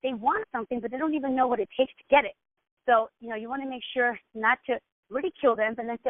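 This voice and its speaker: A woman's voice: on the high side, fast, no room sound, phone-quality sound. A woman mentor giving direct coaching instructions to her team, often checking in with "okay?". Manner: direct, peppers points with "okay?".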